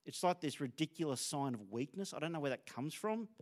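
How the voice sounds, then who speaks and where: A man's voice: fairly high pitch, expressive, fairly quick. A middle-aged Australian man preaching a sermon in a conversational, storytelling way, sharing stories about himself. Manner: conversational, storytelling, self-disclosing.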